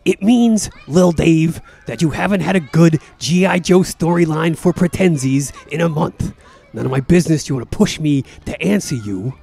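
A man voicing a gruff aging mobster lying in a coma, profane and brooding, in a comedy podcast sketch. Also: on the high side, moderate pace, warm tone. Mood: snarling. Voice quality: gravelly, profane, tough-guy drawl.

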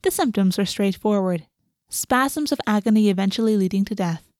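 Woman reading a dark fantasy story. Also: medium pitch, moderate pace, no room sound, clean studio sound. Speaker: narrator. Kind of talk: storybook narration.

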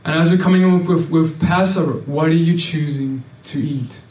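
A man's voice: on the high side, moderate pace, a little mellow, recorded from a distance, muffled recording. A man preaching a sermon in an earnest, repetitive way, often restarting and stammering over words. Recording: echoey room, voice off-mic.

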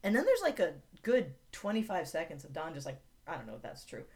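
A woman's voice: low voice, huge pitch swings, fairly quick, a little mellow. A woman co-hosting a podcast in casual chat, talking in a chatty way with lots of filler words. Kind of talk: casual chat recapping a TV episode.

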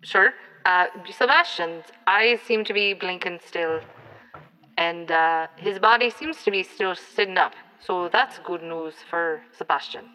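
A woman player wryly describing scenes in a tabletop game into a phone, with hesitant pauses. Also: on the low side, bright, forceful tone, big-room sound, rough recording. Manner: wry, hesitant.

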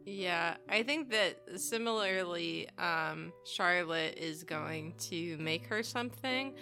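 A woman playing a tabletop role-playing game, talking slowly and hesitantly with many fillers. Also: fairly low pitch, creaky, pushed and bright, faint music behind. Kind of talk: casual tabletop role-play.

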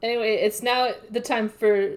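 Woman, casual recap chat, deadpan, playful, filler-heavy. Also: on the high side, moderate pace. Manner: playful, deadpan summarizing with frequent "like". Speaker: podcast co-host.

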